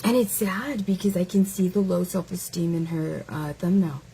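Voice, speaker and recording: A woman's voice: lowish voice, steady tone, normal speed, dark tone, slight background noise, rough recording. A woman hosting a casual live stream who mocks her target with taunting rhetorical questions, stretching out words as she goes.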